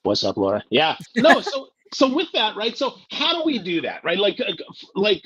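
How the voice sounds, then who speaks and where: A man's voice: sits high, wildly swooping pitch, moderate pace, sharp tone, breathy edge. A male podcast host speaking in a casual, upbeat and self-deprecating way during an interview. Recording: dull lo-fi sound.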